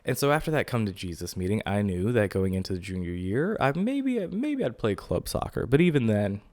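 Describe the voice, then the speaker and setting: Young man, podcast host, casual storytelling, a bit low-pitched, profane and joking. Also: big pitch swings, a little fast, a little mellow. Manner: rambling, profane, jokey, talks about himself as "your boy".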